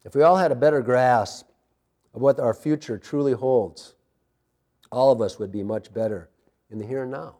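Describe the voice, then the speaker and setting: A man's voice: medium pitch, normal speed, long pauses, warm tone. A man preaching a sermon as a pastor, conversational, with personal asides, laughs and calls of amen.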